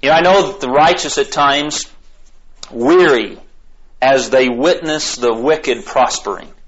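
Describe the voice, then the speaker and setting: A man preaching a sermon, building to emphatic, drawn-out declarations. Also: mid-range voice, fairly bright tone, muffled recording.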